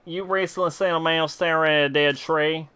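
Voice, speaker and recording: His voice sits on the high side, bright, clean and forceful, with fairly even intonation at a normal speed. Having had a few drinks, he streams a game and reads its lines in an exaggerated country drawl, swearing liberally as he comments.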